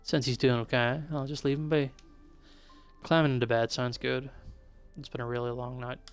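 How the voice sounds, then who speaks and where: Gravelly, smooth-voiced male streamer reading. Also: medium pitch, flat delivery, moderate pace, faint music behind. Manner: reads narration and the hero's lines in a plain, easy voice. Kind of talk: reading a visual novel aloud.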